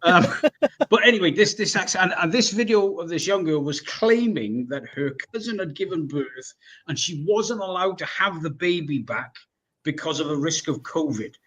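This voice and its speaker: A British man telling animated, sweary stories in casual chat over a video call, acting out the people he quotes. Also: a little high, normal speed.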